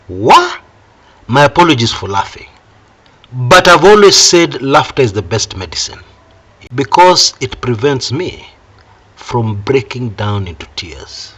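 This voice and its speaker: An older Kenyan man with a Kenyan accent giving solo political commentary in an emphatic, animated way, breaking into wry laughter between points. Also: medium pitch, measured pace, breathy edge.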